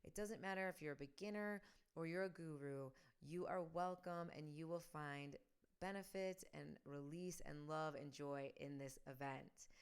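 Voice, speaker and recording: A woman's voice: low-pitched, steady tone, moderate pace, smooth. A woman hosting a spiritual podcast, speaking with enthusiasm and affirmation as she leads listeners through rituals and repeated affirmations. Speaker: podcast host.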